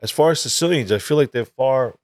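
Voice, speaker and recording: A man's voice: mid-range voice, fairly quick, darkish tone, dry recording. A man from Long Island, co-hosting a podcast in a casual, agreeable way, often saying right and you know. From Long Island, New York. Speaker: podcast co-host.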